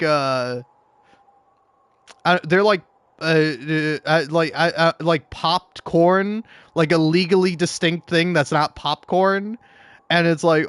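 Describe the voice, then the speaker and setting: A man's voice: on the high side, fairly bright tone, clear, resonant tone, no room sound. A young man casually riffing as an online commentator, rambling and stammering with frequent laughs.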